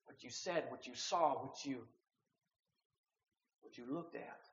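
A man preaching a sermon, swinging from hushed, quiet lines to loud, emphatic ones. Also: mid-range voice, unhurried, vocal fry, echoey room, muffled recording.

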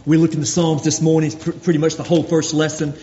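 A man preaching a sermon, earnest and full of rhetorical questions, dropping to quiet, slow lines for emphasis. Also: on the high side, level tone. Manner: earnest, rhetorical questions, slows and drops to near-whisper for emphasis. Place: church sanctuary. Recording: dull recording with long hall reverb and faint noise.

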